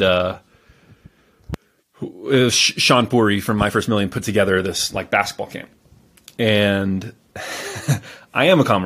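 A man speaking as a guest on a podcast, telling stories in a calm, measured way with frequent fillers and restarts. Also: lowish voice, breathy edge. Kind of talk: casual interview storytelling.

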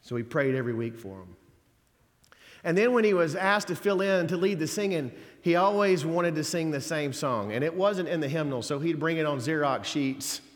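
A man's voice: fairly high pitch, lively intonation, moderate pace. Man preaching in a reverberant church. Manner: conversational preaching with folksy asides and emphatic quotes. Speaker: pastor. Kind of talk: sermon. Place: church sanctuary.

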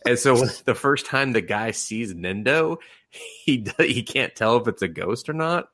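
A man's voice: medium pitch, lively intonation, normal speed, a bit bright. A man hosting a podcast, casually and animatedly recapping an anime, laughing and acting out the characters' lines. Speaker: podcast host.

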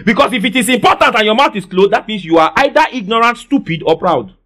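A man preaching a sermon, calling for responses from the congregation and swinging between soft asides and loud declarations. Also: high voice, expressive, fast talker. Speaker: pastor.

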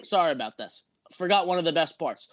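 A man's voice: on the high side, expressive, quick pace, fairly bright tone, dry recording. Loose, profane storytelling man. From not from Jersey or Pennsylvania.

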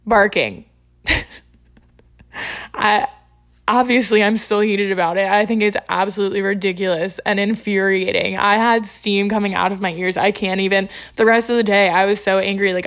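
A young woman with a mid-range voice casually tells her viewers a story. She sounds exasperated and animated, acting out the people she quotes.

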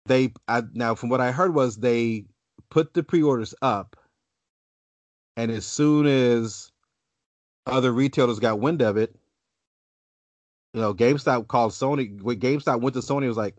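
A man's voice: mid-range voice, moderate pace, long pauses, no room sound. A man on a casual podcast, telling a long story with lots of restarts and asides. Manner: rambling storyteller with many restarts. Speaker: podcast co-host. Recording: dull lo-fi dry sound.

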